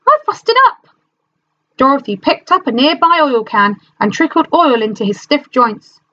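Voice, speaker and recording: A woman teacher reading a storybook aloud to her class in an animated, expressive manner. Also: sits high, moderate pace, dull audio.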